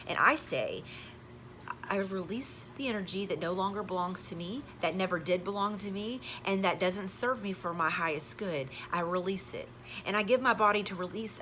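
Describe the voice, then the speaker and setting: Bright-voiced earnest woman healing coach. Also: medium pitch, a little hiss or hum. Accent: Southern American. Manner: earnest, emphatic, repeats words. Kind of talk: casual motivational talk to camera.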